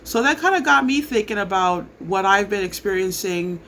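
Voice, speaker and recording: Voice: medium pitch, animated, normal speed, bright, forceful tone, slight background noise. A person giving a casual spoken commentary, talking hesitantly with many filler ums and restarts. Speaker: entertainment commentator.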